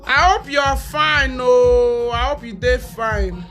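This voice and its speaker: Loud mocking woman with Nigerian Pidgin accent. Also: on the high side, steady tone, slow pace, hardly any pauses, faint music behind. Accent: Nigerian Pidgin English. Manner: loud, laughing, sing-song taunting. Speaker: social media commentator. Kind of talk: mocking live-stream rant.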